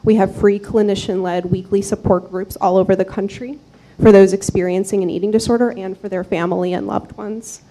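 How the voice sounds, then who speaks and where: Soft-spoken woman with a dark tone. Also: mid-range voice, steady tone, rough recording. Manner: soft-spoken, reads quickly with small fillers. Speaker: clinical psychology fellow at a nonprofit. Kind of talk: prepared public remarks. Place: city commission chamber.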